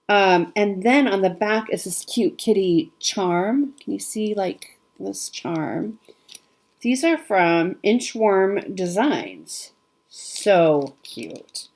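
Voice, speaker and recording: A woman chatting casually to camera as she unboxes a gift parcel, gushing and delighted, often laughing softly. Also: lowish voice, lively intonation, extremely slow. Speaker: cross-stitch vlogger.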